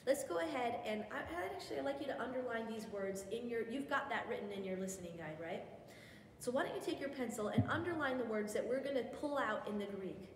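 Lady teaching bible study, kinda high voice, chatty, corrects herself a lot, echoey church hall w faint background hum. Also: lively intonation, a little fast. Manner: explanatory, guiding listeners step by step; chatty asides with self-corrections.

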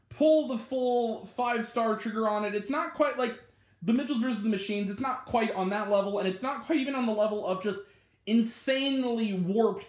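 A man hosting his own channel, giving a casual spoken movie review, rambling and chatty with lots of filler words and little laughs. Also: sits high. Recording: roomy echo.

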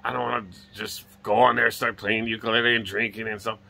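A man's voice: fairly low pitch, little pitch movement, quick pace, vocal fry, pushed and bright. A middle-aged man from Hawaii with a light lilt, rambling casually and swearing now and then as he chats on his porch. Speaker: vlogger. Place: outdoors on a home porch.

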